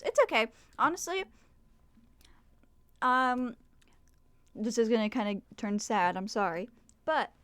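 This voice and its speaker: A woman's voice: mid-range voice, clean tone, no room sound. A young adult woman chatting casually to viewers on a livestream, swearing and trailing off, at a desk microphone. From Mexican heritage. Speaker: streamer.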